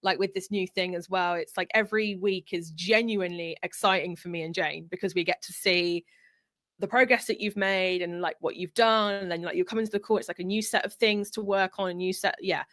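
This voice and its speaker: A woman's voice: on the low side, steady tone, brisk, a bit bright, no echo. A British woman hosting a casual video call, chatty and bubbly, laughing often and rambling with fillers. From England. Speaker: host and coach.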